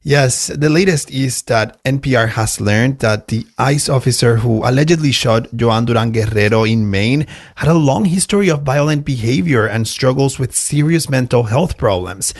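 Male radio news correspondent, steady and informative. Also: mid-range voice, moderate pace, few pauses, husky.

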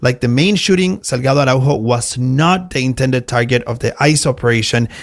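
Male radio news correspondent, steady and informative. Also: medium pitch, brisk.

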